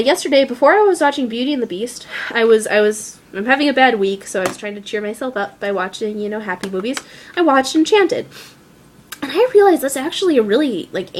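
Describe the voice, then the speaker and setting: A woman's voice: mid-range voice, slight background noise. A young woman vlogging in a casual, gushing way, filling her talk with "like" and "um" and acting out movie lines in little voices. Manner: many fillers like "like" and "um". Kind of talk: casual chat to camera.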